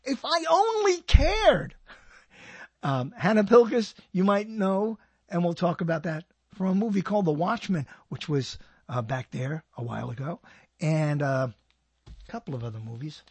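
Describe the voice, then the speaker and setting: A slightly high male voice with a darkish tone and breathy edge moves at a normal pace over a dry recording. The older man hosts his own radio show, rambling solo, joking with himself and repeatedly breaking off mid-sentence.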